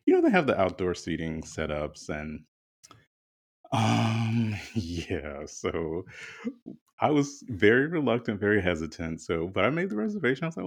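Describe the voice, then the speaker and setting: This is a man with a very low, deep voice, talking in a relaxed, candid way as a podcast co-host. He tells his story in loose, chatty conversation, dropping the occasional swear word. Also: moderate pace. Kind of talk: casual chat.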